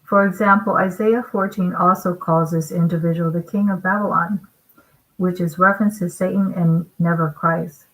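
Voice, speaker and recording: A woman giving a sermon-style scripture commentary, emphatic and deliberate, often checking in with her listeners through rhetorical questions. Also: fairly low pitch, fairly even intonation, fairly bright tone, poor audio. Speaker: online preacher.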